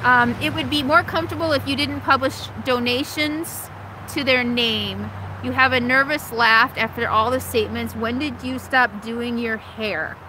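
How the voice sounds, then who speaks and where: Chatty high-voiced woman livestreaming from her RV. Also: fairly even intonation, moderate pace, background noise. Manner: chatty and self-deprecating, laughs often. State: sinus trouble from allergies. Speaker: RV vlogger hosting a livestream. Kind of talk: casual livestream chat reading viewer comments. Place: in an RV in Alaska.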